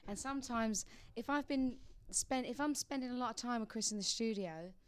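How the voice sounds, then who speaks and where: A woman's voice: fairly high pitch, moderate pace, clean tone. A young woman from England, a singer guest in a radio studio, chatting casually and laughing often.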